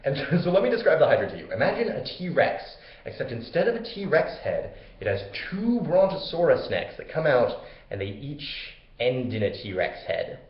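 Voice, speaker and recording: A man retells an old myth as a loose comedy monologue, wandering into fillers and jokey asides. His voice sits at an ordinary pitch. The recording is roomy and slightly muffled. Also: very animated, normal speed. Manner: rambling, casual, full of fillers and asides. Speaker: host. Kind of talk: comedic storytelling.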